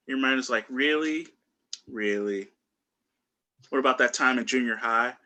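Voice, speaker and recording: Bright-voiced man doing stand-up. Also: mid-range voice, unhurried, long pauses. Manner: loose, rambling delivery with many fillers and restarts. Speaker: stand-up comedian. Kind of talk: stand-up set on a video call. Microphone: video call.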